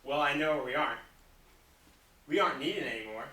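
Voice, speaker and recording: A woman's voice: very deep voice, lively intonation, fairly quick, fairly bright tone, a little hiss or hum. A woman playing a stubborn, sarcastic Adam who refuses to ask for directions, in a class showcase scene. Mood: bickering. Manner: defensive, bickering, sarcastic. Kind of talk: stage acting in a class showcase. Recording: roomy hall from far off.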